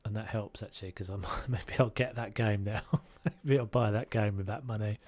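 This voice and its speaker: A man's voice: fairly low pitch, fairly even intonation, brisk, darkish tone. A man casually chatting and musing aloud while live-streaming a game, now and then humming tunes.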